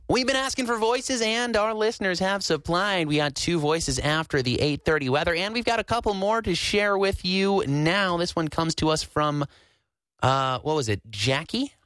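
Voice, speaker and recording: A man's voice: sits high, expressive, moderate pace, fairly bright tone, smooth, no echo. Chatty male radio host, dry studio. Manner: chatty, laughs easily. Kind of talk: casual radio chat.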